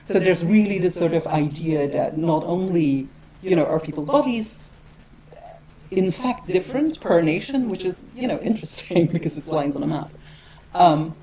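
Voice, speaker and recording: Low-voiced woman lecturing wryly. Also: lively intonation, normal speed, crowd noise, poor audio. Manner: wry, digressive, with frequent hedging asides. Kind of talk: academic lecture.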